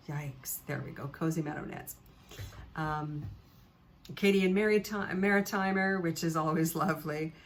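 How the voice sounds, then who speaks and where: Chatty woman host, low voice, gushes as she recommends, lots of ums. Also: a little hiss or hum. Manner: chatty and gushing, with many fillers. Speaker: knitting podcast host. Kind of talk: casual chat to camera.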